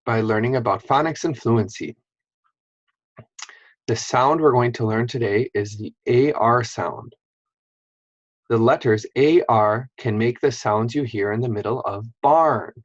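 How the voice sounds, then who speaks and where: A man teaching a phonics lesson to young children, reading word lists slowly and clearly. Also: mid-range voice, dry recording, dull audio.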